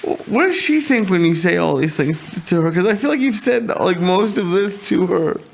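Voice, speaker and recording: A man's voice: high-pitched, expressive, moderate pace, vocal fry, slight background noise. A man co-hosting a podcast, chiming in with short reactions and laughter. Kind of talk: casual chat.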